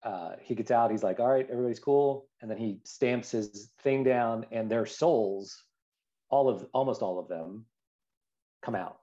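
A man's voice: on the low side, measured pace, dark tone. A man in casual chat, retelling scenes with hesitant restarts. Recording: dull lo-fi sound.

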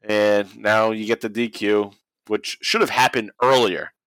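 This wrestling podcast co-host speaks in a lowish, fairly bright, steady voice at a slightly slow pace while walking through a match play by play. Expect cursing, frequent laughs and goofy impressions, all captured in poor, dry audio.

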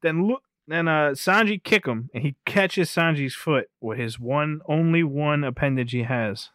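A man's voice: fairly high pitch, a little slow, a bit bright, dry recording, clean studio sound. A man co-hosting a podcast, recapping an anime film in casual chat. He rambles, swears freely, laughs often, and skims past details with "whatever.". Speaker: podcast co-host.

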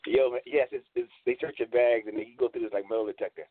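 A man co-hosting a casual online radio talk show, telling a rambling story and breaking into high laughs. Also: fairly even intonation, fast, breathy edge, no echo. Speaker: co-host. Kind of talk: casual panel chat. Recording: tinny phone-like online call.

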